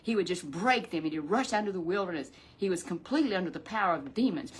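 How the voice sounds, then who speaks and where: A woman telling a Bible story to a puppet, in an animated, rambling way with drawn-out emphasis. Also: lowish voice, slight background noise.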